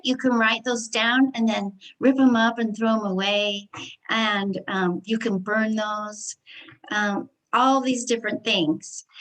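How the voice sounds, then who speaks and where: An earnest woman, a healer, walks her interviewer through a daily affirmation routine in a steady, instructive manner. Her voice sits slightly high. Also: rough recording. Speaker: healer and hypnotist vendor. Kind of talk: explaining affirmation practice in an interview.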